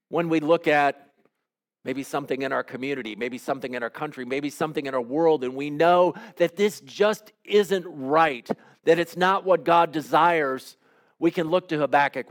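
A man preaching a sermon as pastor, in measured, emphatic phrases. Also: fairly high pitch.

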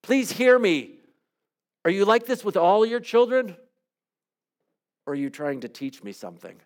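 A man leading a devotional, praying aloud in an earnest, pleading way with soft, hushed trailing endings, then teaching calmly. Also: high voice, unhurried. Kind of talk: reflective spoken prayer and teaching.

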